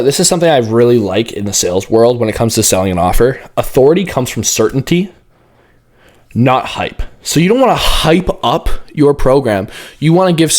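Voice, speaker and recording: A young man talks straight to his camera and leans in as he coaches on sales. His delivery is energetic and loose, with casual swearing. When he acts out call openings his voice jumps higher and brighter. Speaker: online fitness coach teaching sales. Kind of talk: casual talking-head coaching. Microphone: camera facing the speaker, leaning in.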